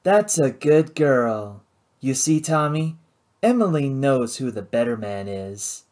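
A reader voicing an arrogant, well-dressed Creole man in his forties who speaks with smooth, mocking disdain. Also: medium pitch, animated, unhurried, a little mellow, lightly acted.

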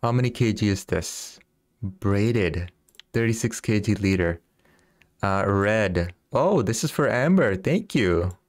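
A man's voice: on the low side, lively intonation, slow pace, no echo. A man chatting casually with viewers while streaming a fishing game, often laughing and reading their messages aloud. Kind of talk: casual live-stream chat.

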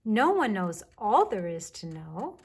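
A woman voicing a patient mother bear in a children's storybook reading, calm and reassuring as she kindly explains things, with a breathy voice. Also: mid-range voice, unhurried, heavily acted. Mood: gentle, reassuring.

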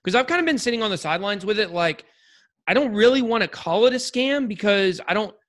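A man's voice: sits high, lively intonation, fast, a bit bright. A man co-hosting a podcast in casual chat, rambling and joking with lots of restarts and fillers. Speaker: podcast co-host.

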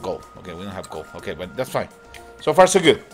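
A man hosting a gaming channel, chatting excitedly and laughing as he comments on a mobile cooking game. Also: low-pitched, fast talker. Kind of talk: casual gameplay commentary. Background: game music.

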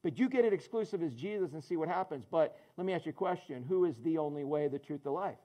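A man's voice: a little high, expressive, fast, dark tone. A man preaching a sermon as pastor, conversational and joking, calling on people in the congregation by name. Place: church in front of a congregation.

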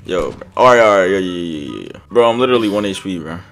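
A young man streaming a game, chatting loudly with friends and yelling out excited exclamations. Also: low-pitched, quick pace. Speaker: gaming streamer.

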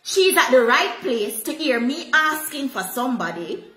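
A Jamaican woman preaches with animated energy, slipping freely into patois. Her high, bright voice rings out in an echoey room. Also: moderate pace, faint music behind. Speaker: pastor. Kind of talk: sermon.

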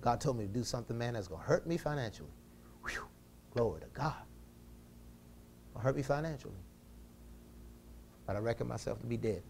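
A man preaching a sermon, calling out to his congregation for responses and swinging from fervent shouting to low, intimate talk. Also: gravelly, slight background noise.

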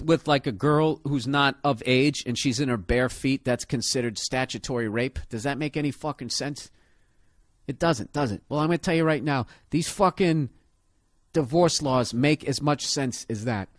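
A man's voice: on the high side, no echo, studio quality. A man comedian delivering a profane, sarcastic rant in a casual monologue style. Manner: ranting, sarcastic, heavy swearing.

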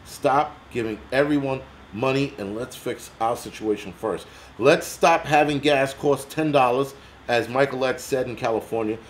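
A heated American man rants to his livestream audience, blunt and swearing constantly. His voice sits at a plain middle pitch. A faint background hum runs under the recording. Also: moderate pace. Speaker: livestream host. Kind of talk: angry ranting livestream.

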